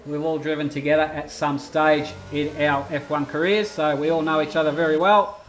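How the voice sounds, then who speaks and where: High-voiced race commentator. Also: male voice, moderate pace, slight background noise, rough recording. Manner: chatty, excitable bursts over steady play-by-play. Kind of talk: esports sim racing commentary.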